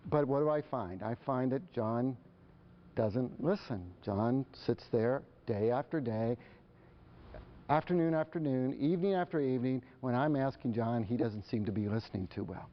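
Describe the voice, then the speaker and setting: A man's voice: medium pitch, moderate pace, dull audio. A man giving a conversational live presentation to parents, often putting questions to the audience in front of him. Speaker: speaker addressing parents.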